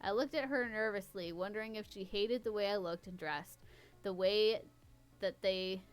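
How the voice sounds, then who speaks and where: A woman podcast host reads an amateur story aloud in a smooth, clear voice. She keeps stopping for wry, teasing remarks about the writing. Faint music plays underneath. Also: mid-range voice, normal speed. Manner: wry, stops to mock the writing. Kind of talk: casual reading with running commentary.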